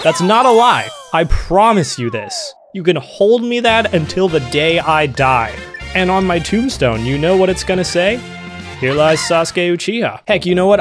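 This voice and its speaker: A young man giving comedic let's-play commentary, joking and breaking into sudden loud outbursts. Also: fairly high pitch. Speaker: gaming YouTuber. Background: game music.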